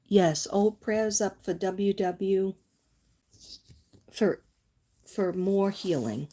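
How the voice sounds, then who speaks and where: A chatty woman hosts a casual psychic livestream, reading from oracle cards and speaking gently to her viewers by name. She talks in a reassuring, rambling way, wandering onto little tangents before she circles back. Her voice sits at an everyday middle pitch. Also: extremely slow.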